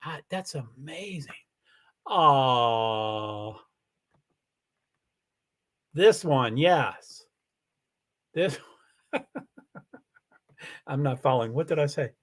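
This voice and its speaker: A man's voice: mid-range voice, lively intonation, very slow, long pauses, a bit bright. A man hosting a casual livestream, answering viewer comments in a rambling way with many restarts. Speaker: livestream host.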